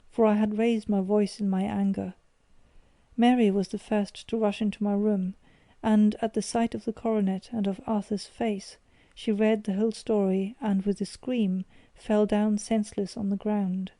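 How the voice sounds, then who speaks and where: A woman narrating an audiobook in a measured, expressive reading. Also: medium pitch, dry recording.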